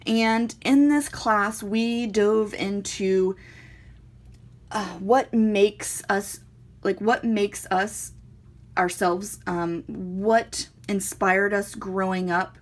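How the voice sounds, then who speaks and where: A woman in her thirties casually showing and explaining her craft journal to viewers, earnest and hesitant, with frequent ums. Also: mid-range voice. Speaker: crafting vlogger. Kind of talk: casual show-and-tell chat.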